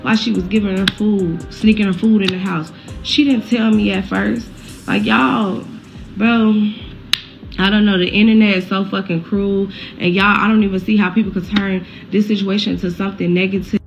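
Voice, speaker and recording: A woman's voice: mid-range voice, fairly even intonation, moderate pace, gravelly, faint music behind. A woman, talking bluntly and heatedly straight to her viewers in a casual vlog update, swearing freely. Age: 20s. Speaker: social media creator caring for a neighbor's child.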